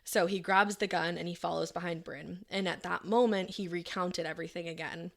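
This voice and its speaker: Low, gravelly woman telling a true-crime story. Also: fairly even intonation, a little fast, a bit bright. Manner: conversational, frequent "like" fillers, acts out quotes. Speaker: podcast host.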